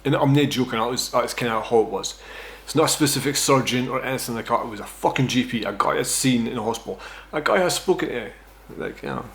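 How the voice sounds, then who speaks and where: Here a Scotsman in his thirties vlogs casually about his own life, speaking quickly at medium pitch with few pauses and a fairly bright tone. Expect rambling, swearing, self-deprecation, and a habit of adding "right?".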